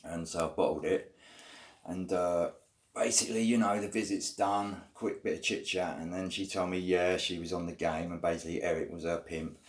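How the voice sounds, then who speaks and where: Deep-voiced man telling prison stories. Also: steady tone, moderate pace. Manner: rambling, loose, full of fillers like you know and basically; swears bluntly, uses prison slang. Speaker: former prisoner telling his story. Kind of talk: casual first-person storytelling.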